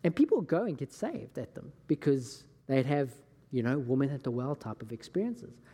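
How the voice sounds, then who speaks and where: A man's voice: medium pitch, sing-song, moderate pace, dark tone, slightly rough. A man with a Scottish accent preaching a sermon as a casual, chatty personal story, acting out conversations along the way. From Scotland. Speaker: pastor. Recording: long hall reverb.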